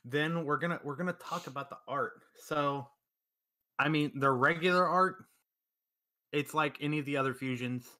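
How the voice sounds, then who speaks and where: A man's voice: on the high side, moderate pace, pushed and bright. A man co-hosting a casual podcast, reading out game stats with enthusiasm and playful asides, on a computer mic over a remote call. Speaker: podcast co-host.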